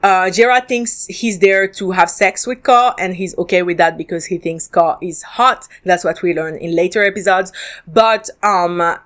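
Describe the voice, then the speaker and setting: A woman's voice: fairly low pitch, moderate pace, fairly bright tone. A woman hosting a solo podcast, reviewing a drama in a candid, chatty way with frequent ums and restarts.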